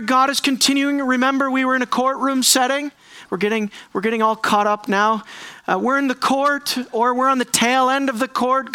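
A man preaching an expository sermon as pastor, conversational, asking the congregation questions and slowing down to stress words. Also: very high-pitched, sharp tone, clean tone, no room sound. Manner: conversational, asks the congregation questions, slows for emphasis.

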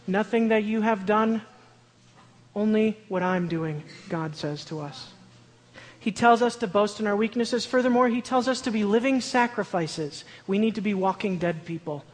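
A man preaching a sermon in an earnest way with a high-pitched voice, building to loud, emphatic declarations. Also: moderate pace. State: shaky. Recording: long hall reverb.

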